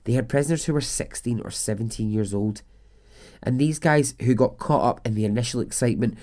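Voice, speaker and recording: A man's voice: medium pitch, animated, brisk, dark tone. A man, a podcast host telling a true story in a chatty way with the odd swear word. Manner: chatty, swears, laughs at absurd details. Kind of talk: casual storytelling narration.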